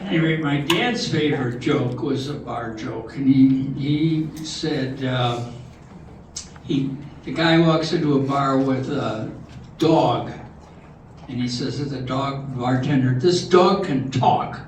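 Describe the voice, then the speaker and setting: An older man telling corny jokes at a talent show in a slow, halting way, often restarting his words. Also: mid-range voice. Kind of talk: stand-up joke telling. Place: large hall with live audience. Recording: echoey hall from far off, audience noise.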